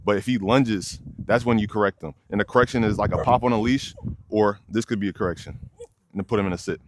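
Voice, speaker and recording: A man's voice: fairly low pitch, steady tone, fast talker, a little hiss or hum. A young man, a dog trainer, explaining leash work casually outdoors and addressing viewers as y'all. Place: outdoors by a fence near many dogs.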